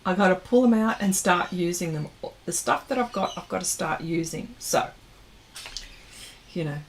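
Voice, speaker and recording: A woman's voice: fairly low pitch, normal speed, slight background noise. A woman hosting an art livestream, chatting casually while she paints and reading viewers' comments aloud, often trailing off mid-sentence.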